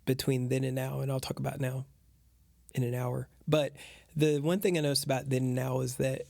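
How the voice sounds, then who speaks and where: Guy in his 30s rambling thru a story, gravelly voice, dry sound. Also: medium pitch, level tone, fairly quick, warm tone, dry recording. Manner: rambling, many fillers. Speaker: adoptive father. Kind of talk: casual storytelling.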